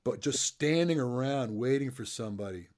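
A man's voice: mid-range voice, animated, normal speed, darkish tone. A middle-aged man interviewing a guest and coaching, telling loose, joking stories in a casual chat. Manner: chatty storyteller, loose and joking.

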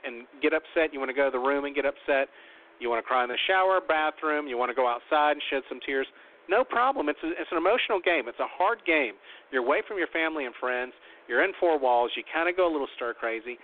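A man gives casual, blunt, opinionated commentary as a show host, his voice sitting a little high. The audio is thin and narrow, like a phone call patched onto the air. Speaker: reality show recap host. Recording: tinny phone-line audio.

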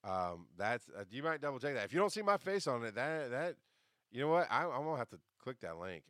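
A man hosting a podcast, telling a story in a casual monologue, jumping between loud outbursts and quiet asides and swearing as he rants. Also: mid-range voice, very animated, brisk, no echo, studio quality. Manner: swears casually while ranting. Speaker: podcast host.

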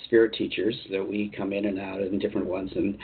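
A man channeling a calm group of spirit teachers. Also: deep voice, fast talker, slightly rough. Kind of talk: channeled message. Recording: tinny phone-line sound.

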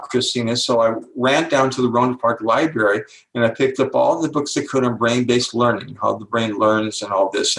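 A man's voice: medium pitch, gravelly. An older man, a guest author, explaining ideas in an interview and acting out the voices of the people in his stories with emphasis. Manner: emphatic, animated, acts out quoted lines. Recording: echoey room.

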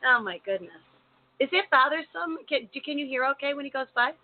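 A woman co-hosting a talk show, telling a story in a casual, animated way with many restarts. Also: high voice, fast talker, crowd noise. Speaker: co-host. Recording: narrow phone-like sound.

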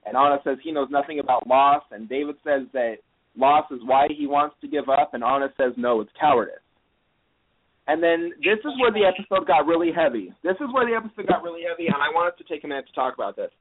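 A man's voice: a little high, lively intonation, fast talker. A man hosting a podcast, recapping an episode in a casual, rambling way full of fillers. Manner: rambling, lots of "you know" fillers. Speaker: podcast host. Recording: tinny phone-like line.

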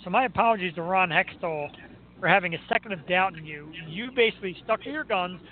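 A man hosting a talk show, chatting and ranting about sports in an excitable, joking way. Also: high-pitched, fast. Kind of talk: casual sports rant and chat. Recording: tinny phone-like line with faint noise.

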